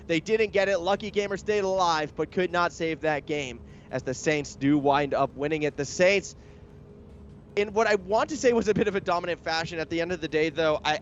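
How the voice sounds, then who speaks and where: A young man calls a live esports match in a chatty, analytical way, his voice sitting a little high. He speeds up as the action heats up. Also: noisy background. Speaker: esports caster. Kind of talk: live game commentary.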